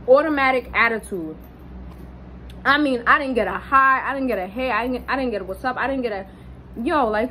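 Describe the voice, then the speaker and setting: A young woman casually telling a personal story, animated and swearing, jumping up high when she quotes people. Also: a little fast, slight background noise, rough recording. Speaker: vlogger.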